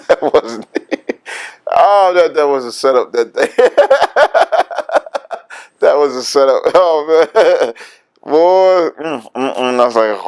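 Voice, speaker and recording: A man's voice: mid-range voice, creaky. A veteran with a Philadelphia accent recounts his own story in an oral history interview. He talks candidly, in a middling voice, and breaks into laughter often.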